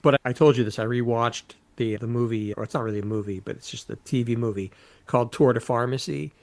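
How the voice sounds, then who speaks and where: A man chatting casually about a film trailer as a guest, hesitant and measured, often restarting his sentences. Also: medium pitch, a little mellow. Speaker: podcast guest. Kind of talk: casual chat.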